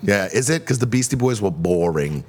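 A man's voice: fairly low pitch, very animated, normal speed, a little mellow, slightly rough. A man co-hosting a podcast, reading out quiz questions in casual, profane banter with friends. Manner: reads quiz questions, swears freely. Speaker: podcast co-host running a quiz.

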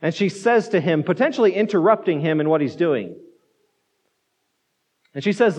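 A man's voice: on the high side, expressive, normal speed, pauses often, a little mellow, breathy edge. A man pastor giving a conversational sermon, repeating words as he goes and acting out the quotes. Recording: dull muffled sound in a reverberant hall.

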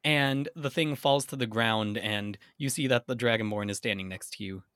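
A man's voice: mid-range voice, moderate pace, a bit bright, clear, resonant tone, no room sound. A man narrating as game master of a tabletop game, loose and rambling and often laughing. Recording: dry close mic with faint music.

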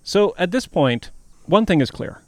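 A man's voice: sits high, big pitch swings, a little slow, a little mellow, no echo. A man co-hosting a casual history podcast, telling the story and building suspense with questions. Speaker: podcast co-host.

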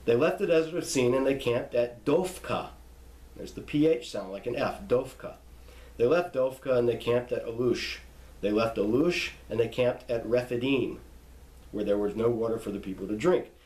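A man's voice: mid-range voice, a little mellow, echoey room, low-quality recording. A man reading a list of scripture names aloud and stopping to explain how to pronounce them, in a teaching tone. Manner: reads name lists slowly, pausing to spell out pronunciations.

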